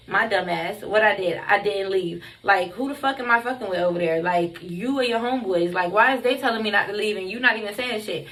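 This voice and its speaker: A woman's voice: mid-range voice, brisk, a bit bright. A young woman telling a story on her vlog, blunt and emphatic, cursing constantly. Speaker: vlogger.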